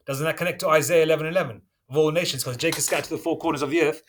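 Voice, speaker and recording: Emphatic man preaching, higher voice. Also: steady tone, racing, hardly any pauses. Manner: checks in with listeners constantly, asking "okay?" and "all right?"; emphatic, with sudden loud stresses. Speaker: religious teacher. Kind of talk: preaching lecture reading scripture aloud.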